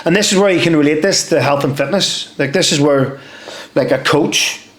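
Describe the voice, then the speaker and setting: A young man, a podcast guest telling stories in casual chat, lively and swearing freely as he acts out what people said. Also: on the high side, normal speed. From Northern Ireland. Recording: roomy echo.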